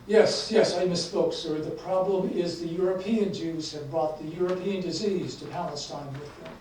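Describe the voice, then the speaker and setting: A man's voice: high-pitched, moderate pace, a little mellow, a little hiss or hum, natural voice. A man voicing an earnest, idealistic young man who pleads his case eagerly, read in an echoey hall. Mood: placating. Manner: eager, persuasive. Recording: echoey hall, mic from far off.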